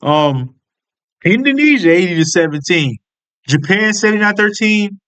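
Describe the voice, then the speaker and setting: A man's voice: high-pitched, expressive, moderate pace, a bit bright, smooth. An American man giving casual, profane commentary, blunt and incredulous. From United States.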